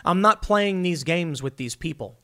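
A man's voice: on the high side, expressive, normal speed, pushed and bright. A man giving an opinionated, combative commentary monologue with emphatic delivery. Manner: emphatic and combative, with frequent restarts. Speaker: political commentator.

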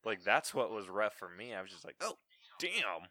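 A man co-hosting a podcast, chatting loosely about a film in casual slang that is quick to curse. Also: fairly low pitch, very animated, pushed and bright, no room sound. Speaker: podcast co-host.

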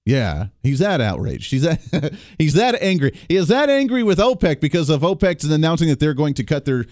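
A man hosting a live talk radio show, delivering an energetic, sarcastic monologue from a radio studio. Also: on the high side, moderate pace, dry recording. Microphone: studio microphone.

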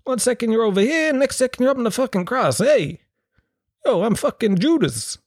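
A man's voice: very high-pitched, big pitch swings, brisk, no echo, clean studio sound, pitched above the performer's own voice, exaggerated voice. A man putting on a brash, mocking New York tough-guy Judas with a New York accent. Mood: mocking swagger. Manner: loud, swaggering, mocking.

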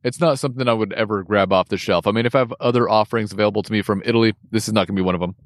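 A man's voice: lowish voice, rapid-fire, no echo, clean studio sound. A man co-hosting a podcast, chatting casually about a beer he is tasting, rambling loosely and laughing often. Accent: American. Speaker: podcast co-host.

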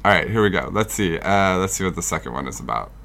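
Deep-voiced easygoing man co-hosting. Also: expressive, quick pace, vocal fry, a bit bright. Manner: easygoing, agreeable, laughs a lot. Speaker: podcast co-host. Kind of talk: casual chat. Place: New York.

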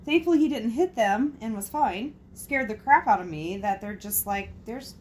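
A woman's voice: fairly high pitch, moderate pace, slight background noise. A woman hosting a casual talk show, reading out listener stories and reacting with frank swearing and laughter. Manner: expressive, swears freely, laughs at her own jokes.

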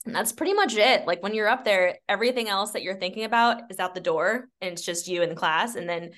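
A woman's voice: mid-range voice, fast, a bit bright. A young woman, a cycling studio owner, answering interview questions in a casual, upbeat way with frequent laughs. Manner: upbeat, laughs often, filler-heavy.

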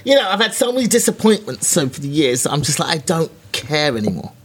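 A woman's voice: sits low, big pitch swings, fast talker, husky. A woman stand-up comedian in casual chat, talking bluntly with plenty of swearing. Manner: blunt, sweary, self-deprecating.

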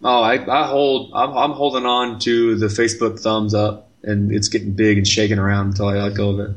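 Wry, low-voiced male co-host. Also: flat delivery, fairly quick. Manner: teasing, wry. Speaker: podcast co-host. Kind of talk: casual chat.

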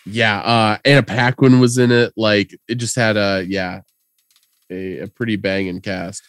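A man's voice: fairly low pitch, fairly even intonation, measured pace, fairly bright tone, clear, resonant tone, dry recording, clean studio sound. A man co-hosting a podcast, chatting casually and reading listener tweets in a loose, jokey way. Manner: loose and jokey, laughs often. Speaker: podcast co-host.

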